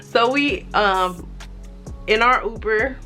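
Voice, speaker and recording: Young woman, storytime vlog, casual and profane, bright sound, low background music. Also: slow pace. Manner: animated, profane storytelling with quoted voices. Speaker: vlogger.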